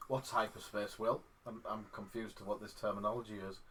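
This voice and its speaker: A man's voice: lowish voice, little pitch movement, a little fast, a bit bright, poor audio. A man chatting casually while a tabletop game is played, repeating words as he gets going. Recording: faint background noise.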